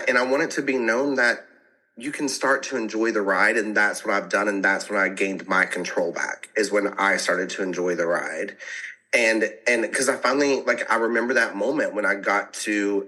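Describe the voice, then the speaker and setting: Male podcast guest, slightly low and bright voice, lively, laughs easily, casual interview. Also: low-quality recording. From American South. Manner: animated, laughs often, frequent restarts.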